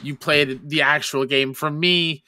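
A male podcast co-host with a bright, forceful voice, pitched a little high, chatting in an easygoing, agreeable way. The recording is dry, with no echo. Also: steady tone, a little slow. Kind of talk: casual chat.

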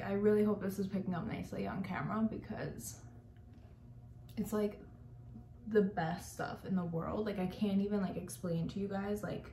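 Her voice medium in pitch and dark in tone, a young woman makeup artist talks casually and effusively through a tutorial for her beauty vlog, using "like" heavily. The recording is echoey, with a little hiss or hum.

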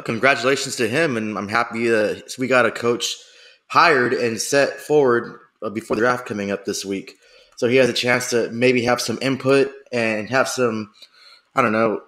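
A man's voice: medium pitch, a bit bright. A man co-hosting a sports podcast in casual chat, rambling as he thinks aloud. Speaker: podcast co-host.

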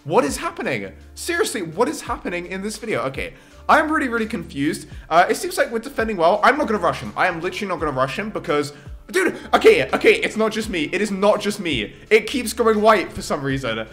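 Young guy yelling over a game he's playing, high voice jumping all over, chill music faint behind. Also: quick pace. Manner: excitable, exclaims and laughs often. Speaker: gaming YouTuber. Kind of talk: gameplay commentary.

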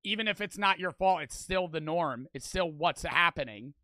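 A man's voice: fairly high pitch, expressive, normal speed, background noise. A teenage boy streamer giving heated, profane reaction commentary, packed with "like" fillers. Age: teens.

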